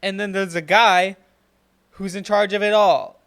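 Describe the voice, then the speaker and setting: A man's voice: sits high, level tone, a little slow, fairly bright tone, clear, resonant tone. A man hosting a Christian reaction channel, commenting and then preaching in an earnest, encouraging way.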